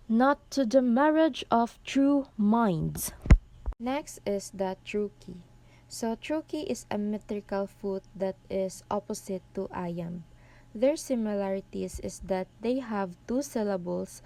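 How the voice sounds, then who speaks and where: Young woman doing a class report, slow careful explaining, mellow soft tone. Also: mid-range voice. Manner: slow, careful explaining, reads definitions aloud. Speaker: student presenter.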